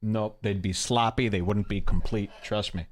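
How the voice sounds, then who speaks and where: A man's voice: fairly low pitch, steady tone, normal speed. A man hosting a casual comedy podcast, mocking people and reading their posts aloud in sarcastic tones. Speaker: podcast host.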